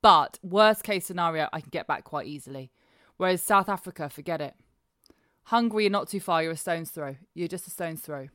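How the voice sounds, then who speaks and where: A woman in her thirties co-hosting a casual chat, teasing and lively as she tells stories. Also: fairly low pitch, fairly quick, no echo, clean studio sound. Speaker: podcast co-host.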